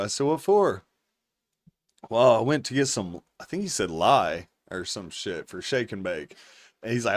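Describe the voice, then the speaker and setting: A man of about forty hosts a podcast and spins a rambling, casual story. His speech is loose and profane, and laughter breaks through as he tells it. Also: medium pitch. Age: 40s. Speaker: podcast host.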